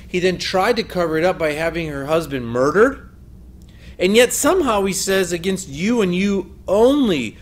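A man's voice: a little high, slight background noise. Earnest man teaching biblical counseling. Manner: earnest, emphatic, quoting scripture. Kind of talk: recorded teaching lecture.

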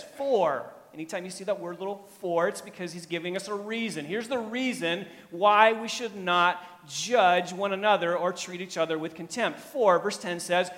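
A man preaching a sermon as pastor, emphatic, swinging from quiet asides to loud, pressing points. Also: high voice, long reverb tail.

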